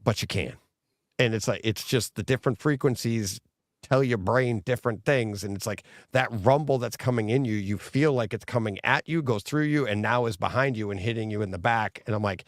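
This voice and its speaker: A man co-hosting a podcast in casual chat, talking in a rambling, excitable way with many restarts. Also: fairly low pitch, brisk, dry recording, clean studio sound. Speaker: podcast co-host.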